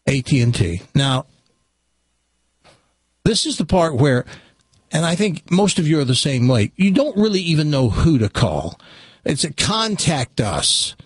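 A man hosting a talk show, telling an exasperated story to his audience in a lively, animated way. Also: fairly high pitch, breathy edge, no room sound.

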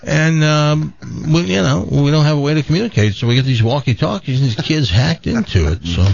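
A man hosting a radio talk show, telling a story in a lively, laughing way with lots of restarts. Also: on the high side, fairly quick, vocal fry, highs cut off, slight background noise. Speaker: radio host. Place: radio studio. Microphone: studio mic with headphones.

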